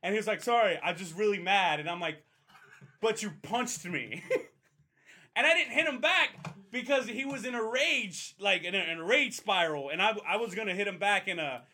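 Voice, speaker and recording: A man telling a comic story in a casual, profane chat, animated and quick to repeat himself. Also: high voice. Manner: animated, profane, repeats words when excited. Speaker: podcast co-host telling a story.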